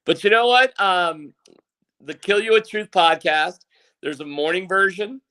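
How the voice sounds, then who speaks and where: A man who is a longtime sports radio voice, chatting as a guest in an animated, joking way and acting out his own reactions. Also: sits high, unhurried. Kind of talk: casual sports chat.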